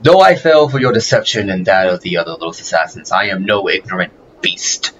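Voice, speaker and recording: A man's voice: deep voice, a little fast, fairly bright tone, lo-fi sound, slight background noise. A man voicing a proud stone guardian creature in a video game who speaks in stern, solemn declarations.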